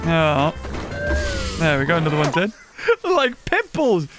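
A man giving excitable live commentary over a video game, exclaiming and laughing often. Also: fairly high pitch, unhurried, over music. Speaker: gaming YouTuber.

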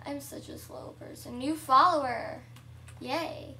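A young girl giving casual, chatty commentary over her own gameplay at home, excitable and shrieking at surprises. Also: high-pitched, normal speed, distant mic, a little hiss or hum. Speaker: gameplay vlogger.

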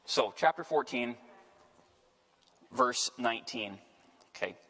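A man's voice: mid-range voice, lively intonation, slow, sharp tone. Guy priest teaching bible class, chatty, keeps saying right?, big hall reverb. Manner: conversational, checks in with "right?". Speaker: priest lecturer. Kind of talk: Bible study lecture. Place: parish lecture room.

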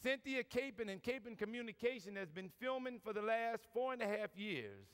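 A man's voice: sits high, big pitch swings, moderate pace, clear, resonant tone. A man with a New Orleans accent, a priest giving a folksy, joking talk to a large audience. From New Orleans, USA. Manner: folksy, joking, lots of y'all. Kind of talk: preaching talk with humor. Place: large convention hall. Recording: long reverb from a large hall.

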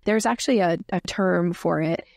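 Gravelly-voiced woman coaching on sales. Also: on the low side, normal speed, no room sound, clean studio sound. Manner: energetic, explains with role-played sales dialogue. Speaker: sales expert guest. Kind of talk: podcast interview.

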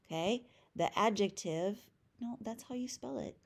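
A woman's voice: fairly high pitch, expressive, a little mellow. Upbeat American woman teaching French. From United States. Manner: chatty, upbeat, drills words slowly. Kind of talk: recorded classroom lesson.

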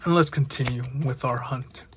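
A young man chatting excitedly with lots of filler words while opening trading card packs. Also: mid-range voice, moderate pace, slight background noise. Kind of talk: casual unboxing commentary.

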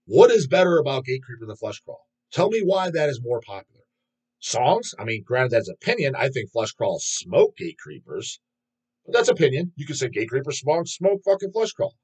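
A man with a husky, slightly raspy voice at an ordinary middle pitch rants to his channel's viewers. His delivery is blunt, and he swears through nearly every sentence. It has the loose, unscripted feel of a casual vlog. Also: poor audio. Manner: blunt, profane, opinionated. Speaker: metal channel host. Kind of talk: casual rant to camera.

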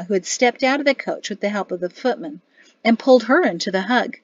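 A woman narrating an audiobook in a measured storytelling voice. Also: mid-range voice, expressive, dry recording, muffled recording. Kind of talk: scripted narration.

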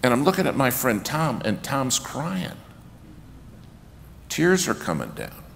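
A man preaching a sermon in a church, telling a story with lively acted-out quotes that build to loud, raised passages. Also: mid-range voice, unhurried, gravelly, slight background noise. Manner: animated storyteller acting out quotes, rising to shouts. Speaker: guest preacher. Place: church sanctuary. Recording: reverberant church hall, faint ambience.

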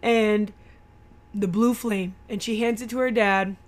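A woman's voice: medium pitch, steady tone, a little slow. A woman casually retelling a movie scene by scene, gushing and emotional, with rambling restarts. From Georgia, USA. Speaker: movie commentary host. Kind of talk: casual movie recap chat.

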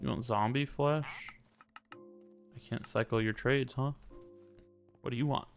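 A young man casually commenting while he plays a game, chatting to the game characters and turning suddenly loud when surprised. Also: mid-range voice, fairly even intonation, a little slow, creaky. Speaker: gaming YouTuber. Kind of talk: casual let's-play commentary. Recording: faint music behind.

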